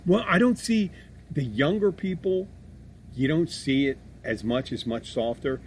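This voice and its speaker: A man's voice: a little high, very animated, unhurried, slight background noise. A man from Philadelphia hosting a casual podcast chat, blunt and abrasive, swearing freely and restarting his sentences as he rambles. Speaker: podcast host.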